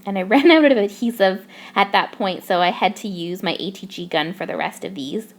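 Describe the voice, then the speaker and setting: A woman's voice: mid-range voice, normal speed, a little hiss or hum. A young woman from Canada narrating her craft process in a bubbly, gushing way. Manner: bubbly, gushing over cute details. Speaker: craft YouTuber.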